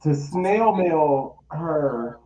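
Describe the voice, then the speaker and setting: Male podcast co-host, animated delivery, echoey muffled recording. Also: on the high side, extremely slow. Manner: reacts with short incredulous comments. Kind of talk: casual chat. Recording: echoey room, dull sound, faint noise.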